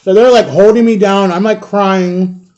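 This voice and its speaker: His voice is high and a little mellow, the tone steady and the pace a little slow, with the top frequencies cut off. A male vlogger in his thirties, he eats while casually rambling through a long personal story, filling it with fillers and talking to viewers he calls "guys."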